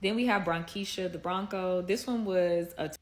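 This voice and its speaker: A woman's voice: lowish voice, normal speed. Playful woman listing her car payments. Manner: playful, affectionate toward her cars. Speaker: social media creator listing her cars. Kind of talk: casual video monologue.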